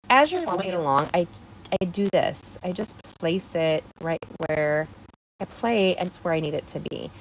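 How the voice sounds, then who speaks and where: A woman's voice: fairly low pitch, slight background noise, rough recording. Chatty woman hosting a crafting livestream. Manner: chatty, playful, talks to viewers by name. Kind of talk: live card-making demonstration.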